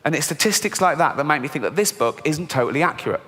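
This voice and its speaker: A middle-aged man performs stand-up, his voice set slightly high and swinging widely in pitch. He delivers deadpan punchlines to a laughing audience, heard with long reverb in a large live theatre. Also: fast talker. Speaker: stand-up comedian. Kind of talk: stand-up comedy routine.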